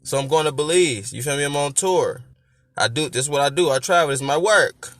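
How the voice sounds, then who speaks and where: Man, rap breakdown host, bright tense voice, dry close sound, excitable, repeats lines. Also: on the high side, fairly quick, no room sound. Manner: excitable, laughs loudly, explains lyrics like a teacher; repeats lines to stress syllables. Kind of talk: casual rap breakdown commentary.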